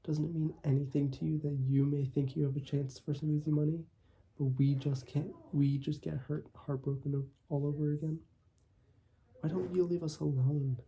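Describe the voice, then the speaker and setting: A man's voice: a little high, flat delivery, moderate pace, gravelly, mellow, slight background noise. A man voicing an angry young woman protecting her family, speaking in a bitter, accusing way.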